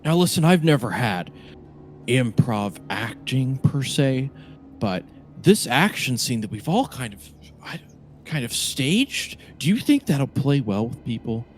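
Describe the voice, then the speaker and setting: A man's voice: mid-range voice, big pitch swings, slight background noise, pitched above the performer's own voice. A man voicing an eager male amateur filmmaker who keeps asking whether his staged scene worked. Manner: earnest, questioning, talks quickly.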